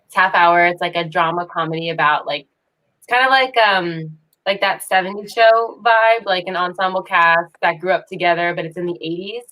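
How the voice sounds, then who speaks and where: A woman actress chatting on a video call, animated and laughing often as she talks about her work. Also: fairly low pitch, normal speed, rough recording. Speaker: actress guest. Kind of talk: casual video call chat.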